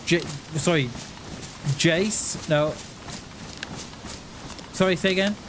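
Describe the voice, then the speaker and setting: A man's voice: high-pitched, slow pace. A man chatting casually while streaming a game, rambling along with frequent chuckles and self-mocking asides. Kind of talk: casual livestream chat while gaming. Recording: noisy background.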